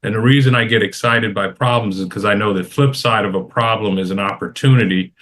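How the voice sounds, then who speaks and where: A middle-aged man speaking in a fairly low voice on a casual roundtable discussion. He lays out practical advice with conviction, leaning on repetition to drive each point home. His delivery is firm and conversational. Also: a little fast, fairly bright tone. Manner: emphatic, repeats phrases for stress, gives advice. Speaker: roundtable panelist.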